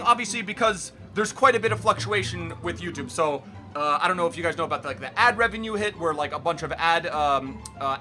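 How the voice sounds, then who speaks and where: A young man chats through a casual vlog Q and A from his bedroom, talking fast in a bright, forceful voice. He keeps it loose and energetic, jumping into loud excited bursts, with faint music under him. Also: high-pitched. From Miami, United States. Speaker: gaming YouTuber host. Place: bedroom at home.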